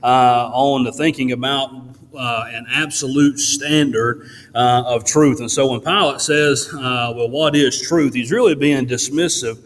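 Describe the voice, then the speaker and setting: Halting preacher in echoing church. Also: male voice, medium pitch, steady tone. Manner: halting, fills pauses with frequent "uh". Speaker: pastor. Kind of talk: sermon. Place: church sanctuary. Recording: long church reverb.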